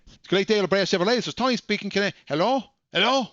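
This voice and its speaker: A man's voice: sits high, animated, dry recording, muffled recording, pitched above the performer's own voice. A man doing an overeager car salesman on the phone. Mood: confused. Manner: bright, rushed phone-greeting patter.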